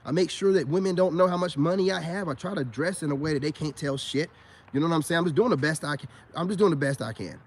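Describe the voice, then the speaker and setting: A man's voice: on the high side, quick pace, husky. A middle-aged man ranting in a profane, boastful monologue full of street slang. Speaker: online commentator.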